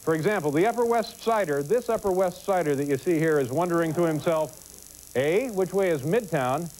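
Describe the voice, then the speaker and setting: A man hosting a late-night talk show, telling a rambling joking anecdote with halting restarts, recorded on old broadcast tape. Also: fairly high pitch, darkish tone, poor audio. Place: television studio with live audience.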